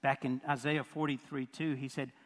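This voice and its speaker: Conversational preacher in a reverberant hall. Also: male voice, medium pitch, level tone, moderate pace. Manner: conversational preaching, asks the audience questions, repeats phrases. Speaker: pastor. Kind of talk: sermon.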